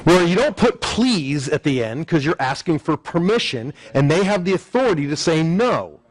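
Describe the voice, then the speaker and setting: A man's voice: on the high side, poor audio. A man teaching a live sales seminar, acting out phone calls in quoted voices as he explains. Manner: animated, acts out phone lines in quoted voices. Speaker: NLP sales trainer.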